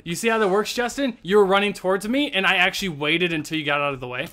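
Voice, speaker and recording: A man co-hosting a video game let's play, chatting casually, rambling and jumpy, quick to panic. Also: sits high, sharp tone. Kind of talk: casual gameplay chat.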